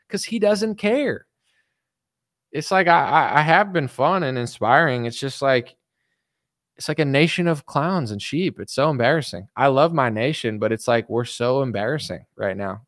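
This man's medium-pitched, a-bit-bright voice moves at a normal speed on a dry, studio-quality recording. While streaming commentary he rants with contempt at his viewers, ridiculing them through mocking put-on voices.

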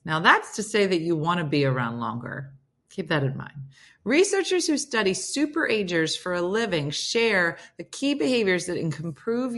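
A woman's voice: on the low side, a bit bright. A woman hosting a casual morning livestream, chatting playfully with viewers and her dog. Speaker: livestream host. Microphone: phone.

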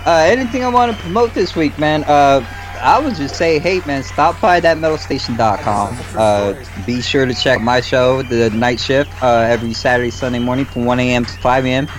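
A man's voice: medium pitch, moderate pace, music in the background. A man co-hosting a casual podcast in a laid-back way, often tagging his lines with "man" and "dude". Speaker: podcast co-host and radio DJ.

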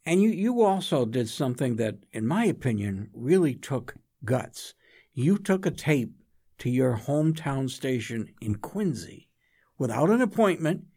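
A man's voice: mid-range voice, big pitch swings, a little slow, mellow, husky. A male talk show host in a mid range voice leads the interview. He nudges the guest along with brief agreements and questions full of admiration.

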